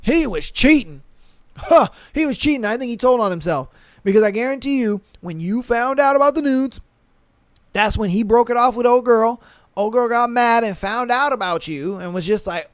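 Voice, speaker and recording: A man with a high voice hosts a podcast, reading listener stories aloud and breaking off to riff on them in lively slang. He talks into a close, dry mic with no room sound. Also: normal speed, no echo. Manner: animated, slangy, acts out quotes in voices. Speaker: podcast host.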